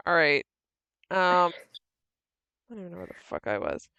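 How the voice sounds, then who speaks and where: A woman's voice: lowish voice, huge pitch swings, slow, vocal fry, fairly bright tone, clear, resonant tone, dry recording, muffled recording. A woman running a tabletop game as game master, narrating casually, swearing freely and scolding her players.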